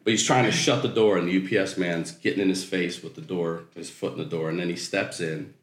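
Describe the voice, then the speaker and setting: Male comic storyteller, low register, animated and profane, roomy echo. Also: fairly quick. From Maryland. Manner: animated, profane, laughs through punchlines. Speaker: comedian storyteller, guest. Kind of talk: comedic storytelling.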